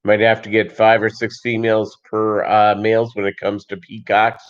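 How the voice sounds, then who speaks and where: A man hosting a casual livestream, rambling with many fillers and pauses and reading chat comments aloud. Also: fairly low pitch, completely flat delivery. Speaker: livestream host. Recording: dull lo-fi stream audio.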